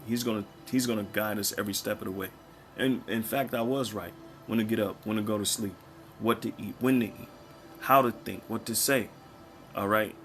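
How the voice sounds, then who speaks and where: A man from the United States teaching scripture in a casual, conversational way, often checking in with his listeners and reading verses slowly before explaining them. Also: lowish voice, a little hiss or hum. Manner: conversational, keeps checking in with "all right?" and "man"; reads verses slowly, then explains them in plain talk. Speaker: preacher.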